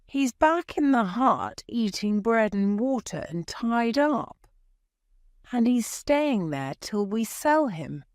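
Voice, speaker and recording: A woman's voice: fairly high pitch, very animated, slow pace, no room sound, studio quality, voice pushed up. A woman voicing a fussy older aunt who scolds the boys in a storybook reading.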